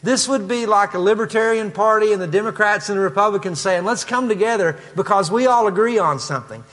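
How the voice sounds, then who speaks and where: A man's voice: high-pitched, fast talker, a bit bright, in a large hall. A man with a Kentucky accent preaching a conversational expository sermon, with asides and frequent fillers. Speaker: pastor.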